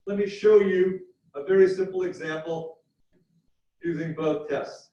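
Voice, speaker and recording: A man lecturing a university class, explaining step by step and repeating key points slowly. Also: high voice, warm tone. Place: lecture hall. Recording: echoey hall from far off, dull.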